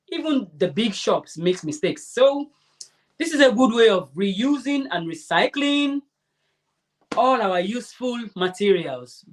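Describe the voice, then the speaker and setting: Heartfelt woman chatting on a livestream. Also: medium pitch. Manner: chatty, heartfelt, answers viewer comments aloud. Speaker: crafting channel host. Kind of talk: casual livestream chat.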